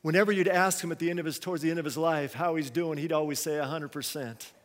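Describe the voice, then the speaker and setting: A high-pitched man preaches in a long-echoing hall. He drops to hushed phrases and then climbs to loud, pressing ones. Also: fairly even intonation, fast. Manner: preaching with swings between quiet and loud. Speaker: pastor. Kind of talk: sermon.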